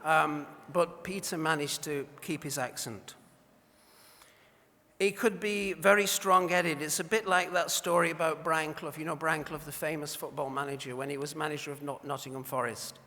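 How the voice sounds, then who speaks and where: A man's voice: a little high, steady tone, moderate pace, bright, forceful tone. Man giving a wry speech in a reverberant hall. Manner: wry, anecdotal storytelling. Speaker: award presenter. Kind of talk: after-dinner award speech. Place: large banquet hall.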